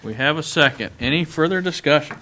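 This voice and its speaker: A man's voice: fairly high pitch, expressive, brisk. Joking man chairing a noisy meeting. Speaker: board chairman. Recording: public meeting recording with background noise.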